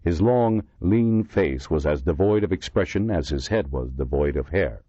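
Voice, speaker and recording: Deep male narrator, very low voice, lively expressive storytelling, dry dull recording. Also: normal speed, husky, no room sound. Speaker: audiobook narrator. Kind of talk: scripted audiobook narration.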